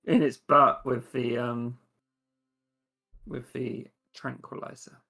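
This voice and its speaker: A man's voice: medium pitch, steady tone, slow pace, gravelly, pushed and bright, husky, faint music behind. A man playing a tabletop role-playing game, casually explaining what his character does, in an offhand way. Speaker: player.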